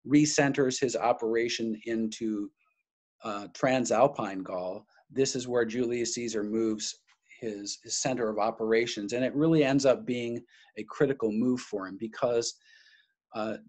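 A man's voice: medium pitch, darkish tone. A man lecturing on history, speaking off the cuff, restarting phrases and stressing key names.

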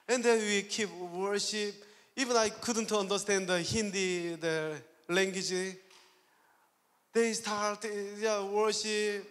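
A man's voice: high voice, fairly even intonation, slow pace, a bit bright. A man with a Korean accent, speaking English as a second language, preaches as a guest pastor, telling a personal story, acting out his own quoted lines and laughing often. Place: church hall. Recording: long church hall reverb.

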